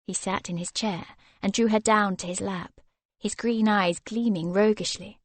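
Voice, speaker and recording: A woman narrating an audiobook in a measured, expressive manner. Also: medium pitch, no room sound. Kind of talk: scripted narration.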